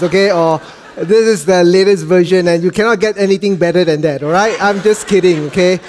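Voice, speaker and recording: Malaysian pastor, high voice, long reverb. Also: male voice, steady tone, a little fast, hardly any pauses, darkish tone, a little hiss or hum. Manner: chatty, joking, many fillers and "okay?". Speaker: guest pastor. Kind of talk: sermon opening. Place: church auditorium.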